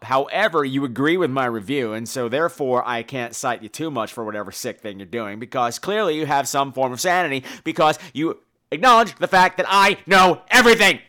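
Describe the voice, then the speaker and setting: A man's voice: medium pitch, pushed and bright, clear, resonant tone. A man hosting a comedy podcast call-in segment in a teasing, mock-indignant style. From New York. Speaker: podcast host.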